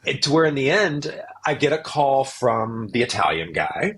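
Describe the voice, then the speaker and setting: A man's voice: medium pitch, moderate pace, slightly rough. A middle-aged man, a podcast guest, telling his career story in casual conversation and acting out what others said to him. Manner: animated storyteller who acts out what others said.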